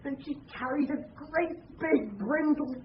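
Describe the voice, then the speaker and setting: A woman's voice: sits high, a little slow, slight background noise. A woman voicing a frightened young male servant boy in a radio drama, breathless and rustic. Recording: roomy, distant and muffled radio sound.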